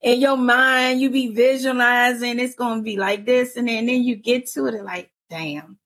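A woman in her forties telling stories in a casual chat, animated and often laughing. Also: on the high side, moderate pace. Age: 40s. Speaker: panelist.

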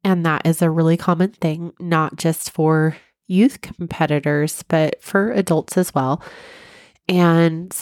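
A woman with a low voice and a stuffy, sick-sounding nose talks through her podcast. She tells her story in a chatty, friendly way. The sound is dry and close. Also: steady tone, slow pace, a little mellow, dry recording. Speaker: podcast host and mindset coach. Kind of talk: casual solo podcast talk.

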